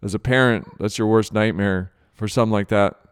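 Dad hosting a show, choked up but earnest, keeps repeating himself, smooth voice. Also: male voice, lowish voice, fairly even intonation, a little fast, dry recording, clean studio sound. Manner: earnest, emotional, repeats phrases. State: voice thick with emotion. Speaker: host; father. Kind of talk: emotional spoken commentary. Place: Austin, Texas.

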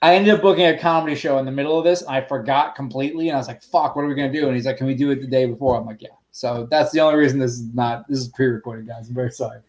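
A man's voice: mid-range voice, rapid-fire, hardly any pauses, darkish tone. A man on a podcast ranting bluntly, swearing often in casual chat.

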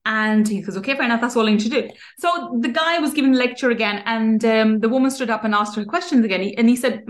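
A woman's voice: fairly high pitch, fast talker, hardly any pauses. A woman hosting a podcast, giving an earnest motivational monologue with many restarts and fillers. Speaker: podcast host.

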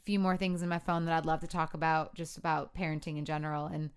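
A woman in her thirties hosts a podcast in easy, giggly chat. Her voice is crisp and clear, recorded on a studio mic. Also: sits low, level tone, fast talker. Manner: giggly, chatty storyteller. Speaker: podcast host. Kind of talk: casual chat with friends.

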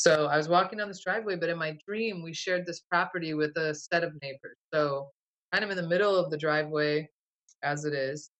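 A woman's voice: deep voice, a bit bright, lo-fi sound. A woman recounting a vivid dream to an interviewer in a casual, rambling way, full of fillers and restarts. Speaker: guest. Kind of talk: casual storytelling.

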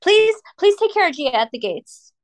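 A woman co-hosting a podcast in casual chat, blunt and expressive, often poking fun at herself. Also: very high-pitched, normal speed. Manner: blunt, expressive, self-mocking. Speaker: podcast co-host.

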